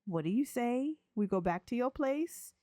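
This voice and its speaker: A woman voicing a smooth-talking, persistent young man in a life-sim game, with slangy, insistent speech. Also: a little high, animated, normal speed, warm tone, dry recording, studio quality, close to an everyday voice. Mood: coaxing. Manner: casual slangy drawl, insistent.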